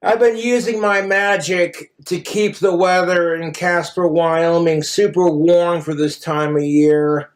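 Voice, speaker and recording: A high-pitched man rambles through a crude, profane livestream monologue. He tells his jokes in a put-on mock Cockney accent. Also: fairly even intonation, slow, few pauses.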